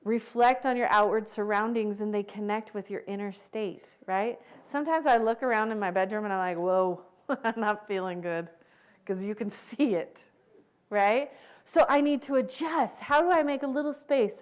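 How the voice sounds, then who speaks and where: A woman's voice: fairly high pitch, moderate pace. A middle-aged woman, a social worker, giving a candid conference presentation and laughing often. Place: conference hall.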